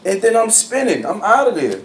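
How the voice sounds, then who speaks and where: A man co-hosting a podcast in casual chat, blunt and full of slang, getting loud and animated when he is worked up. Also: high-pitched, fairly quick. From New Jersey. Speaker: podcast co-host. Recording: echoey room with faint ambient noise.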